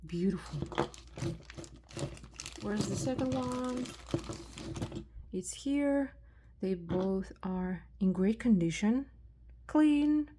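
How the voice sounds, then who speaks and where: Soft-spoken woman with a Russian accent. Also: mid-range voice, animated, slight background noise. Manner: soft-spoken, slow, marveling at finds. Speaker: jewelry reseller vlogger. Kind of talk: soft-spoken unboxing vlog.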